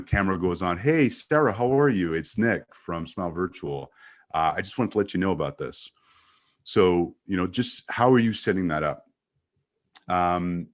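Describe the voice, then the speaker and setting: Very deep-voiced energetic man. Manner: energetic, plays with pace and pauses for emphasis. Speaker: guest sales trainer. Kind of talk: explaining in an interview.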